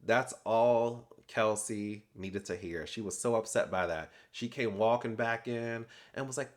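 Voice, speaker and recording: A young adult man recapping a reality TV episode in casual commentary, animated and sassy, acting out people's lines with slangy asides. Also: medium pitch, measured pace, hardly any pauses.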